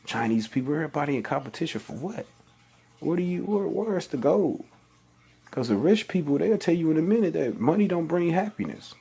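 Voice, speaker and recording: A man's voice: a little high, very animated, a little fast, creaky, warm tone, slightly rough. A man reading scripture aloud and preaching about it in loose, everyday speech, with many restarts and exasperated questions. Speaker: religious vlogger. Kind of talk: informal scripture talk.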